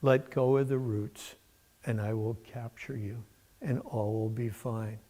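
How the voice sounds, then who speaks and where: A man intoning a calm deep voice from above. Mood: solemn. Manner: slow, low and soft.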